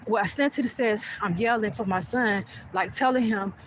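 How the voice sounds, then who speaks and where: A woman's voice: mid-range voice, moderate pace, slight background noise. Profane woman telling a heated story. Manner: profane, animated, addresses viewers directly. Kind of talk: casual storytelling rant.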